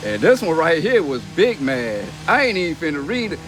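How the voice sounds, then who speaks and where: Young man with a fairly high voice, brash and mocking, noisy phone livestream. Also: very animated, moderate pace. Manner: brash, profane and mocking, laughing between lines. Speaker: reality TV personality reading comments on a live stream. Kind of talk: casual livestream rant.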